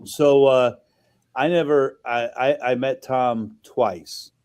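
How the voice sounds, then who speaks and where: A man's voice: medium pitch, steady tone, slow, a little mellow, clear, resonant tone. A middle-aged man, a chef hosting the show, chatting casually, cursing freely and laughing as he acts out quotes. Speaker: chef and host. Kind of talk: casual chat.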